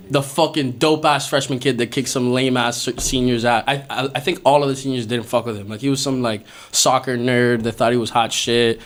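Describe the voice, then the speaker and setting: A young man hosting a podcast, telling a story in a casual, animated way, with lots of swearing and laughter. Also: mid-range voice. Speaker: podcast host. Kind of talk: casual storytelling among friends. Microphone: podcast studio mic.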